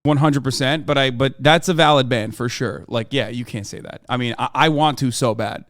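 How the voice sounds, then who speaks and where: A man's voice: medium pitch, a little fast, a bit bright, no echo. A man streaming casually, reacting with blunt, profane commentary into a close mic.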